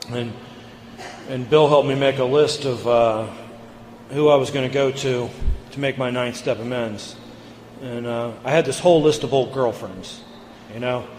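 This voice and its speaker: A man giving an earnest personal recovery share at a meeting, halting and repeating words as he goes. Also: medium pitch, slight background noise. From United States. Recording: echoey hall, long reverb.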